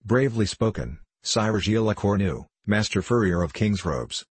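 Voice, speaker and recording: Man reading a cheeky young male student in an audiobook, mocking and playful, low husky voice. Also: expressive, normal speed.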